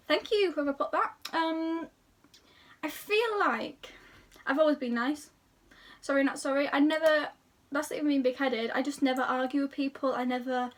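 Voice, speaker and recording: A woman's voice: high voice, fairly bright tone, recorded from a distance. A young woman chatting to camera in a rambling, self-deprecating way, talking casually about herself. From England. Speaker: YouTuber.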